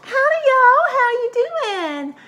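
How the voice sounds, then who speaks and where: Puppet cook: a friendly, drawling kitchen lady, played by a woman, high and loud. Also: very animated, slow pace, heavily acted. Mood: homey. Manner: homey drawl, greets with "howdy, y'all".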